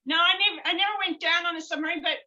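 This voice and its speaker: A woman from Australia with an Australian accent, a former naval officer chatting casually and telling lively stories at an event. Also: extremely high pitch. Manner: lively, quick storytelling with laughs. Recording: dull lo-fi sound.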